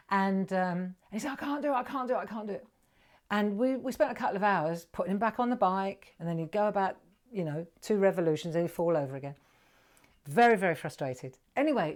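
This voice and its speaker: Chatty encouraging British woman. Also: fairly low pitch. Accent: British English. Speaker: craft presenter. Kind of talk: live online drawing tutorial.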